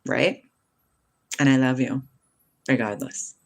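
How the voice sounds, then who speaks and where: A middle-aged woman hosts a casual spiritual livestream, reading viewers' comments aloud and answering with lots of laughter. She speaks slowly with vocal fry. Her animated delivery jumps between hushed and high.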